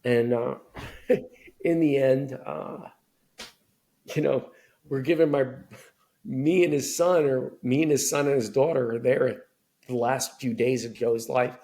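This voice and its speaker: A middle-aged man telling candid family stories as a podcast guest, animated, acting out voices of relatives. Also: medium pitch, measured pace, pauses often. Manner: animated storyteller, acts out family members' voices. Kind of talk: candid storytelling conversation.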